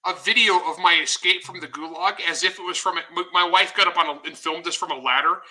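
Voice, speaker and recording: A man with a fairly high voice and a very bright, sharp tone tells stories as an interview guest. He talks in an animated, joking way, and the sound has the slight thinness of a video call. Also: fast talker. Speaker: guest author. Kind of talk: casual storytelling interview.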